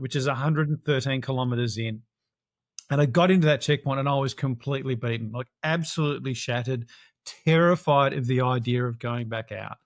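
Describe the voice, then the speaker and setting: A middle-aged man, a guest in an interview, telling his race story in a lively way and acting out quoted dialogue. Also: a little high, no echo, clean studio sound. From Australia. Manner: animated, acts out quoted dialogue. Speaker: interview guest, adventure racer.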